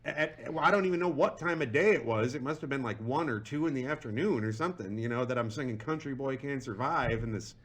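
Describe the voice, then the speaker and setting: A young adult man hosting a podcast, chatting in an animated, laughing, self-deprecating way. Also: medium pitch, quick pace, few pauses. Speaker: podcast host. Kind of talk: casual chat.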